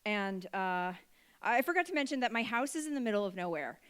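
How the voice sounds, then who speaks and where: Woman comedian, thirties, chatty, filler-heavy, smooth voice, mid pitch. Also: expressive, brisk, a bit bright. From Vermont. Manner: chatty, self-deprecating, many fillers and laughs. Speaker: stand-up comedian. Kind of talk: stand-up storytelling. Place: comedy stage before a live audience.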